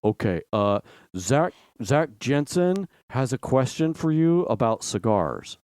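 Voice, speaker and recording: Picture a man putting on a jittery, tipsy teenage boy who stammers and hems on a phone call. The voice sits low and animated, with crisp, smooth tone in a dry space. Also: no room sound. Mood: nervous. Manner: halting, stammering, many fillers.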